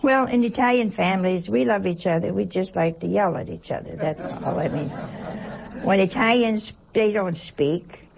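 An older nun preaches in a homely, chatty way, sprinkling in stories and rhetorical questions. Her voice has a gravelly, creaky texture at a middling pitch, with a faint hiss of noise behind it. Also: moderate pace, darkish tone. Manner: chatty, asks rhetorical questions, tells anecdotes. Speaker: nun giving a religious talk. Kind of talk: conversational sermon.

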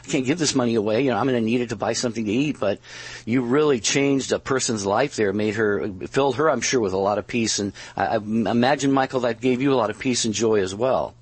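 A man hosts a call-in show in a slightly husky voice. The sound is dry and close, and he muses aloud, filling pauses with "you know" as he reflects on what he has heard. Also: mid-range voice, no room sound. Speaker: radio talk show host. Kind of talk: casual chat.

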